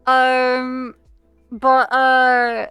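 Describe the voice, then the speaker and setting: A woman's voice: high-pitched, monotone, extremely slow, pushed and bright. Liverpudlian woman chatting with faint music. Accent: Liverpool English. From England, Liverpool. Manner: hesitant, many fillers and restarts. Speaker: streamer host. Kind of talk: casual chat on a livestream.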